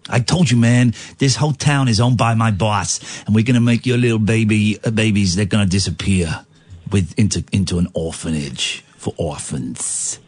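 A man's voice: fairly low pitch, moderate pace, a little mellow, husky, pitched below the performer's own voice. A man voicing a defiant crook who taunts a police sergeant with tough-guy bravado, as radio comedy improv. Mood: menacing.

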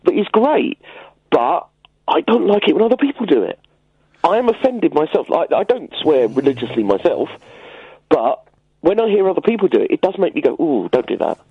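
A man's voice: fairly high pitch, very animated, brisk, breathy edge, no room sound, phone-quality sound. A man chatting on a radio show, telling a story in a rambling way with lots of hesitations. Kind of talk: casual radio chat.

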